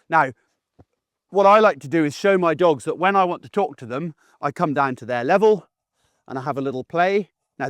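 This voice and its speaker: A man, a dog trainer giving a casual, animated lesson outdoors while acting out voices. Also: a little high, no echo, studio quality. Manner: chatty and animated, acts out the dog's and owner's voices. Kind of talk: casual instructional talk.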